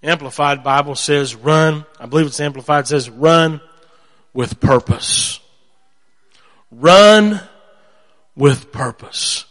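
Guy preaching, kinda high voice, big echoey hall, tells stories and acts out voices. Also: unhurried. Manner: animated storytelling, acts out voices. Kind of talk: sermon. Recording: long hall reverb.

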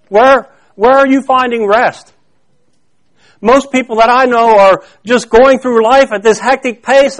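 A male pastor preaching a sermon to his congregation, talking conversationally, repeating and restarting phrases and quizzing the listeners to fill in words. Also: extremely high pitch.

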